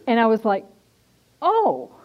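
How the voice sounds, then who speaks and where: Earnest woman minister giving testimony. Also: medium pitch. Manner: earnest and conversational, emphatic repetition. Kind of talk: personal testimony sermon. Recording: dull lo-fi recording.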